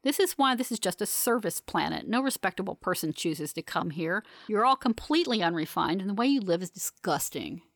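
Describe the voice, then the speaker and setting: A woman's voice: medium pitch, animated, brisk, few pauses, a bit bright, no echo. A woman reading an icy, imperious corporate woman. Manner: imperious, sneering, dry.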